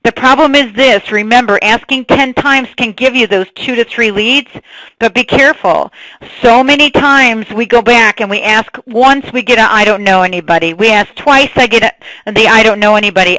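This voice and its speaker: A woman giving a sales training webinar, energetic and asking her audience questions, on a computer mic. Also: on the high side, no echo, low-quality recording.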